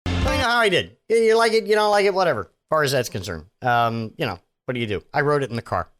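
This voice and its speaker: A man's voice: fairly high pitch, animated, fast, fairly bright tone, a little hiss or hum. A man hosting a comedy podcast, talking in a loose, offhand way with profane asides. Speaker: podcast host. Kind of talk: casual comedic podcast sign-off.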